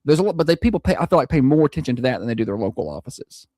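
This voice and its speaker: A man's voice: mid-range voice, big pitch swings, rapid-fire, mellow, dry recording. Guy cohosting morning radio, easygoing and chatty, dry booth sound. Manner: easygoing, chatty, plugs pledges. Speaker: radio morning show co-host. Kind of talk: casual radio banter.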